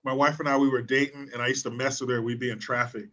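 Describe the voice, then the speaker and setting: A man's voice: mid-range voice, level tone, fast talker, a bit bright. A man chatting as a podcast guest, teasing and quoting himself in a raised voice. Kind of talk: casual chat.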